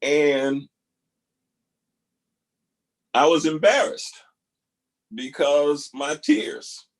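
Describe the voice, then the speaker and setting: A man hosting a talk, pausing video clips to reflect earnestly, repeating key phrases for emphasis. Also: on the high side, steady tone. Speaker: host reacting to video clips. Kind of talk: reflective spoken commentary.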